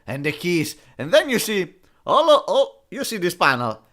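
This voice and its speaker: A man's voice: fairly high pitch, sing-song, normal speed, fairly bright tone. A man giving mocking, dismissive commentary on a comic, full of fillers and restarts. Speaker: comic reviewer. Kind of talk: sarcastic commentary.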